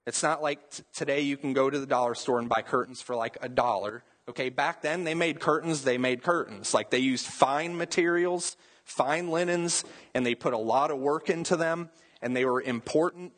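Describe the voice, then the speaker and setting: A man's voice: mid-range voice, normal speed, a bit bright. A young adult man, a pastor, preaching a sermon in a casual, conversational way with joking asides.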